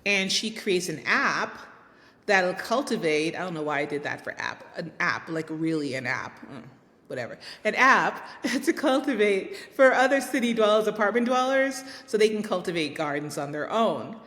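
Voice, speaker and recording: A woman's voice: sing-song, normal speed, a bit bright. A woman hosting a vlog, giving chatty, encouraging advice and putting questions straight to the viewer. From United States. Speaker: vlog host. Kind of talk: casual advice talk to camera. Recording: long reverb, faint rumble.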